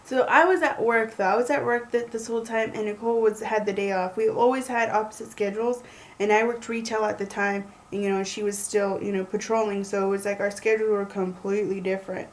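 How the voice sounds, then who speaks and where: A young woman telling a story in a chatty, animated way, full of likes. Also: mid-range voice, quick pace, low-quality recording. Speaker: vlogger. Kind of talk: casual storytelling.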